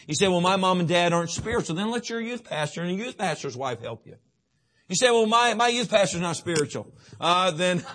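A man preaching a sermon to teenagers, emphatic and repetitive, often asking his listeners questions. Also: a little high. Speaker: youth pastor.

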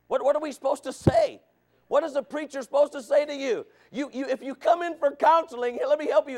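A man preaching a sermon, asking the congregation questions and calling for amens, dropping to low asides and rising to shouted points. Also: fairly even intonation, fast. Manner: preaching with rhetorical questions and calls of amen.

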